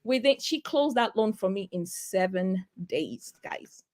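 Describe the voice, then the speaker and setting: A woman's voice: mid-range voice, expressive, measured pace, a little mellow. A woman real estate agent, a guest, retelling her story with lots of quoted dialogue and big swings in her voice. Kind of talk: animated storytelling.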